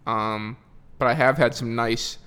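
Young man, comedian, casual podcast chat, deadpan mock-boastful humor. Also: mid-range voice, a little slow, smooth.

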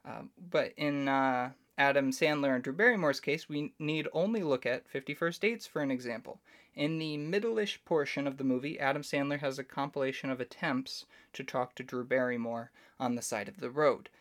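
A man's voice: mid-range voice, normal speed, a bit bright. A man hosting a solo podcast, giving casual, opinionated commentary and explaining his views at length. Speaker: podcast host.

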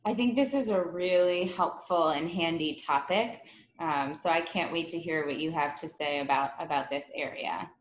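She is a woman from Buffalo who hosts an interview podcast. She has a fairly low voice and talks in a loose, chatty way, poking fun at herself. Her voice carries a roomy echo. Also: normal speed, slight background noise. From Buffalo, New York. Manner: chatty, self-deprecating. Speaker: podcast host. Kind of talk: casual interview chat.

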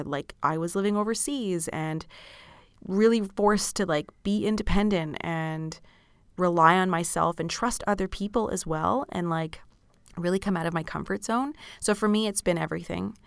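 Woman, 30s, tired podcast host; candid, sweary, laughs a lot; lowish voice, dry padded-studio sound. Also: smooth, dry recording. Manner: frank and chatty, swears freely, laughs often. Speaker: podcast host answering listener questions. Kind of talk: candid casual chat. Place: small padded studio room.

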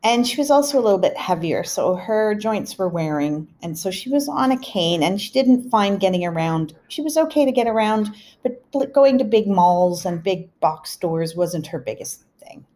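A woman's voice: medium pitch, animated, normal speed, few pauses, mellow. A middle-aged woman hosting a podcast, telling family stories in a chatty, casual way and laughing now and then. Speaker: podcast host. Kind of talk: casual storytelling.

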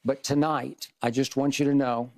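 An older man, a sports debate show host, pays a measured, earnest tribute to his longtime partner. He speaks at a mid pitch and slips in wry little jabs between the warm words. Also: level tone. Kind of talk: farewell tribute on air.

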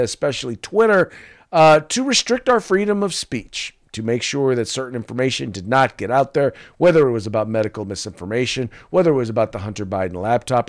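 A man co-hosting a casual political podcast, reading out sponsor spots and describing memes with acted-out quotes. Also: medium pitch. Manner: animated, acts out quoted voices. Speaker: podcast co-host.

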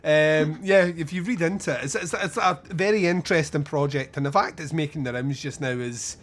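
A man on a podcast, talking casually in a slightly higher voice. He rambles through long anecdotes with restarts, swears freely and laughs along. His delivery stays loose and chatty. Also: fairly quick. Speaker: podcast co-host. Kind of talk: casual chat.

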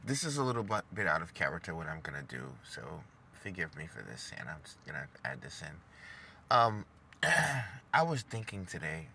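A man's voice: extremely low pitch, very animated, moderate pace, gravelly, bright, forceful tone, slight background noise. A young man telling a rambling, self-deprecating story to the camera, stumbling and repeating words as he goes. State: emotional, voice dropping. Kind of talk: casual storytelling vlog.

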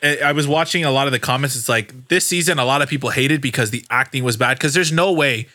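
A man co-hosting a casual chat, tossing in quick slangy reactions and short backchannels. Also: mid-range voice, bright, forceful tone. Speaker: podcast co-host.

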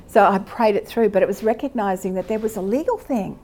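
A woman's voice: mid-range voice, a little fast, hardly any pauses, warm tone. Woman, church teaching, chatty delivery, fillers and restarts. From Australia. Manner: conversational, with fillers and self-corrections. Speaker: speaker at a church teaching session. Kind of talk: sermon teaching.

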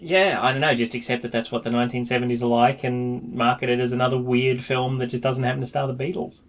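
A man's voice: medium pitch, flat delivery, quick pace. A man, co-hosting a casual film podcast, chatty and laughing often, often trailing off mid-sentence. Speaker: podcast co-host.

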